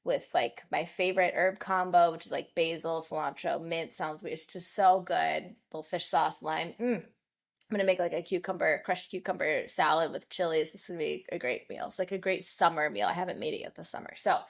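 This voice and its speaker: A woman co-hosting a podcast, chatting casually and telling stories in an animated, talkative way. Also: sits low, a little fast, creaky. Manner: chatty, animated storytelling with laughs. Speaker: podcast co-host. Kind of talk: casual chat.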